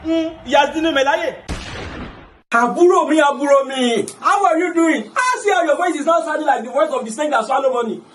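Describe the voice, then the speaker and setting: A bossy, excitable Nigerian elder, played by a man for a comedy skit, in a very high voice that rattles along quickly. He teases loudly and slips between Pidgin and Yoruba. A faint hum sits behind him. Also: recorded from a distance. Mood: joking. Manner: loud, teasing, mixing Pidgin and Yoruba.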